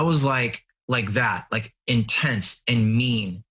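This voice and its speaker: A middle-aged man, a guest in an interview, telling personal stories in an earnest, animated way and laughing at himself. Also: mid-range voice, normal speed, few pauses, husky. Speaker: interview guest, family and business coach. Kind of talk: conversational storytelling.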